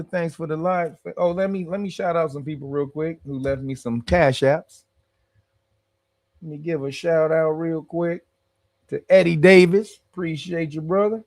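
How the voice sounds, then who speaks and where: A man with a strained, gravelly voice hosts a casual livestream full of loose, profane banter. His voice sits a little high for a man, and the sound is close and dry. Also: no echo. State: strained voice from screaming. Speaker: livestream host.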